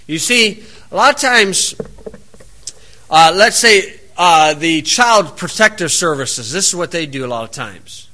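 Bright-voiced folksy man preaching. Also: on the high side, animated. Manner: reads scripture slowly, then drifts into plain-spoken anecdotes. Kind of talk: folksy sermon.

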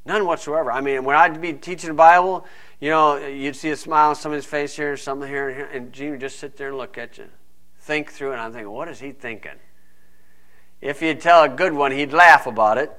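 A man's voice: a little high, a little fast, sharp tone. A man preaching a folksy, conversational sermon full of asides. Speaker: pastor.

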